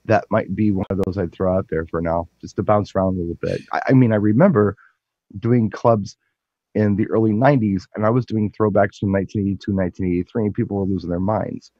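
A man's voice: lowish voice, fairly even intonation, fast talker, dark tone, no room sound. A man, a DJ taking part in a casual music chat, who speaks in an easygoing, thoughtful way. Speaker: DJ and guest. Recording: dull, lo-fi dry sound.

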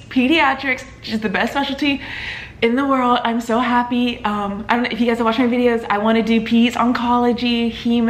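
Excited young woman vlogging, slightly high. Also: slight background noise. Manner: excited and emotional, many fillers like "like" and "oh my God". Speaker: vlogger, medical student. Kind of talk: casual vlog to camera.

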